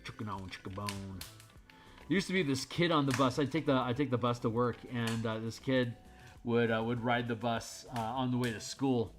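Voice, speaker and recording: A man talks through his drawing session in a loose, rambling way, candid and quick to swear. His voice sits at an ordinary middle pitch, and faint music plays underneath. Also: fairly even intonation. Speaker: streamer drawing art. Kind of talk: casual rambling stream chat.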